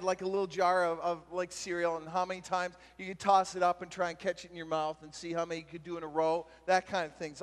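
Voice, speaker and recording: High-voiced man in an echoing hall. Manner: animated storyteller who shouts out the punchlines. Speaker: youth pastor. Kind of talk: storytelling talk at a youth retreat. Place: large retreat meeting hall. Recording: long hall reverb from a live talk.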